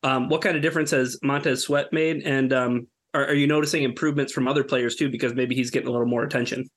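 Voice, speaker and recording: A man hosting a sports podcast, asking questions in a relaxed way with many fillers. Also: mid-range voice, quick pace. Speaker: podcast host. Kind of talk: casual podcast chat.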